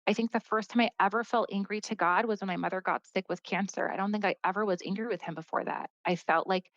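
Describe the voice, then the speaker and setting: A woman's voice: mid-range voice, fairly even intonation, fast talker, no echo. A woman speaking as a podcast guest, telling a personal story in an earnest, casual way and often saying "like.". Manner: earnest, heavy use of "like" as a filler. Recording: dull, dry, slightly lo-fi audio.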